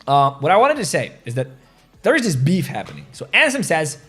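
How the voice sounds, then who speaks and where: Excitable rambling male crypto host. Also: a little high, fairly quick, breathy edge, soft background music. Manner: rambling and excitable, reads social media posts aloud with laughs. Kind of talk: casual crypto market commentary.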